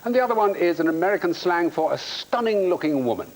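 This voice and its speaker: A man hosting a panel word game in a TV studio, brisk and matter-of-fact. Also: sits high, animated, poor audio. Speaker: game show host. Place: TV studio with audience.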